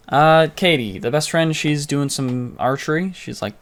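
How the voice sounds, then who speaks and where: A young man co-hosting a podcast, casually retelling a movie in a rambling, jokey way with quick mock voices. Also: a little high. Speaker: podcast co-host. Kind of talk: casual movie recap chat.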